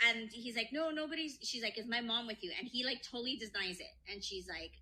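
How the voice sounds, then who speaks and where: Bright-voiced woman telling a wild story. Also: a little high, brisk. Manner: animated retelling, acting out quotes, frequent swearing and "like". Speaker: podcast co-host. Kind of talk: casual storytelling chat.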